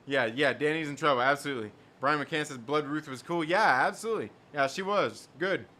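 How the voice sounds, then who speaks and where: A man's voice: fairly high pitch, normal speed, sharp tone. A man hosting a casual live stream, reading chat messages aloud and riffing on them. He rambles, repeats himself and laughs often.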